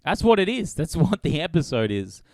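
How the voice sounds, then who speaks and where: A man's voice: on the high side, big pitch swings, normal speed, a little mellow, dry recording. A man hosting a solo comedy podcast, rambling and swearing as he laughs at his own jokes. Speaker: podcast host.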